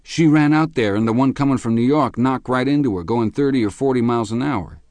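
A male narrator voicing an agitated male witness who speaks in raised, urgent, broken phrases, pitched well above his narrating voice. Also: expressive, measured pace, darkish tone, dry recording.

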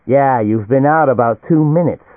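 A man's voice: medium pitch, big pitch swings, normal speed, no room sound. A man voicing a contemptuous, irritable male businessman who talks brusque and scornful. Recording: tinny, phone-like and dry.

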